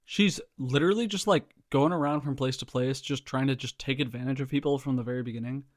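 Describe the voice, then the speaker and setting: Speaking quickly in a mid-range voice, a man reviews a movie for his viewers in a casual on-camera rant. The studio-quality recording has no echo, and he sounds exasperated, swearing, rambling with fillers and repeatedly addressing everyone as "guys."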